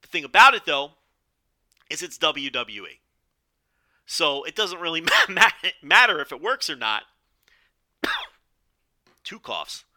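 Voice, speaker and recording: A man hosting a solo podcast, giving opinionated commentary in a rambling style with restarts and "okay?" asides, his voice strained and going hoarse. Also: fairly high pitch, big pitch swings, normal speed, long pauses, sharp tone. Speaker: podcast host.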